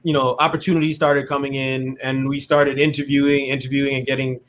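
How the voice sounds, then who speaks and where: A man being interviewed, telling his faith story in a casual, animated way. He often tags his sentences with "right?" and acts out what other people said to him. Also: mid-range voice, brisk, a little hiss or hum. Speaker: interview guest.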